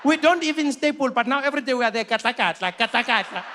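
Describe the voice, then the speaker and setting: A man's voice: extremely high pitch, lively intonation, fast, bright, forceful tone, a little hiss or hum, pitched above the performer's own voice, full character voice. A man putting on a nosy South African coworker. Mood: excited. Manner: teasing, prying, repeating a name for emphasis.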